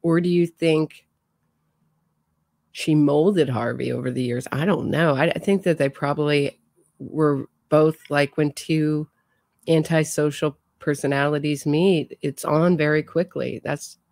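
A woman's voice: sits low, steady tone, measured pace, a little mellow, no room sound, studio quality. A woman hosting a true crime show, casually commenting and thinking aloud as she talks to her viewers.

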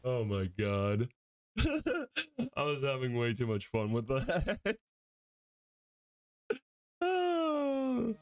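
A young man hosting a casual let's-play, talking excitably and chattily while reading the game. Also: mid-range voice, extremely slow, long pauses. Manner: excitable, chatty, laughs easily. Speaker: gaming video host.

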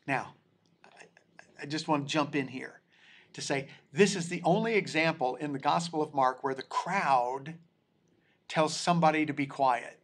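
A man leading a Bible study class, reading scripture aloud and then breaking in to explain it in a slow, deliberate way with frequent restarts. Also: fairly high pitch, a bit bright. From United States.

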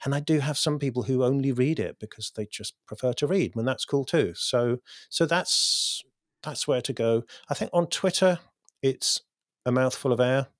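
Male guest, mid pitch, thoughtful and restarting, dry close sound. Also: normal speed, dry recording. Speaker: podcast guest, poet. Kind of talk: casual interview talk.

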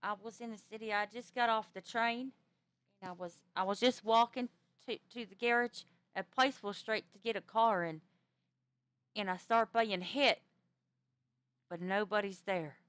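Woman spinning a ghost story, stumbles and restarts a lot, smooth clear voice, dry sound. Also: mid-range voice, normal speed, dry recording. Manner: animated, stammering restarts. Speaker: roleplay character telling a ghost story. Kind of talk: casual in-character storytelling.

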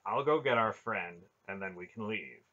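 A man voicing a quiet, terse, devout cave-dweller. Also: fairly low pitch, animated, moderate pace. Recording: dull lo-fi recording.

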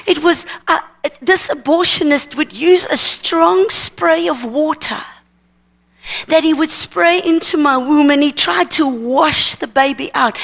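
A woman's voice: high voice, vocal fry, fairly bright tone. A woman, preaching and telling an emotional story with quoted dialogue at a seminar. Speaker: minister teaching at a seminar. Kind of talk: sermon testimony storytelling.

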